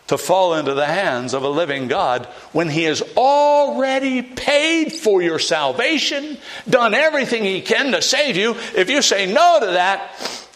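A man preaching a sermon as pastor, emphatic, with big swings in pitch and loudness, and acting out doubters in a mocking higher voice.

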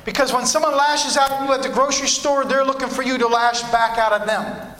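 Brief: male pastor, very high and bright voice, emphatic repeating preacher cadence, echoey church sound. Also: steady tone, brisk. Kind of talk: sermon.

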